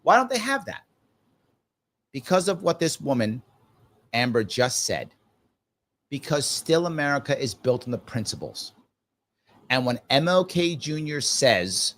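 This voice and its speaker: A man's voice: on the high side, normal speed. A middle-aged man hosting a live political discussion, talking emphatically and hammering his points home through repetition. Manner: emphatic and animated, repeats points. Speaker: host.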